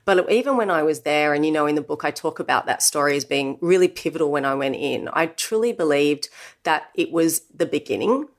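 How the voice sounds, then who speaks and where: A woman's voice: low voice, fairly quick. An Australian woman in her thirties, a guest telling her own story openly and reflectively, with many "you know" asides. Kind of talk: candid personal storytelling.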